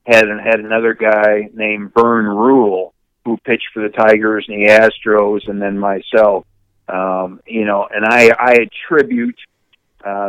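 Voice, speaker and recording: An older man from Michigan, a retired pitcher and podcast guest, telling animated hunting stories in casual chat. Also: clear, resonant tone, no room sound, lo-fi sound. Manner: animated anecdote teller, mimics yelping dogs and shouting people.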